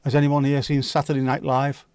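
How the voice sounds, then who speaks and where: A man hosts a casual livestream, answering viewers with sweary jokes and quick asides. His voice sits at an ordinary middle pitch. The sound is close and dry, with no room echo. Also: completely flat delivery, darkish tone, smooth. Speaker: livestream host. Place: home livestream setup.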